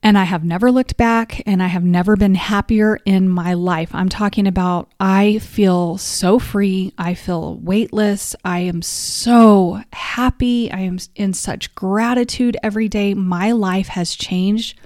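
A woman's voice: mid-range voice, fairly even intonation, unhurried, hardly any pauses, a little mellow, no echo, studio quality. Heartfelt woman sharing a personal story. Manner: heartfelt and confessional; openly emotional at times. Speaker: podcast host.

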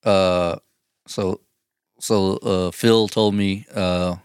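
A man's voice: deep voice, steady tone, very slow, clean tone, no room sound, clean studio sound. A man co-hosting a podcast, chatting casually and telling crude work stories with lots of laughter. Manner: profane, laughing storyteller. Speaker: podcast co-host. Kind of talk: casual chat.

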